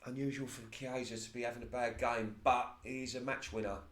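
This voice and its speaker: A man talks through a football management game in casual play-by-play, rising quickly at chances and laughing at his own slips. His voice sits in the middle range. The room gives his voice a noticeable echo. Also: mid-range voice, level tone, fairly bright tone. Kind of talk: casual solo game commentary.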